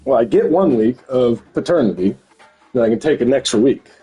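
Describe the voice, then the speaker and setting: A man chatting casually during a game, in a relaxed, matter-of-fact way. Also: mid-range voice, brisk, soft background music, poor audio. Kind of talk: casual gaming chat.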